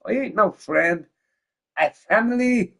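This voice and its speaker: A drunk man chatting on a gaming livestream, loose and rambling. He lurches from loud, shouted bursts down to low mumbles, swears constantly and says most lines twice. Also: lively intonation, slow, gravelly. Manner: swears a lot, laughs often, repeats himself. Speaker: gaming streamer. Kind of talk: rambling casual livestream chat.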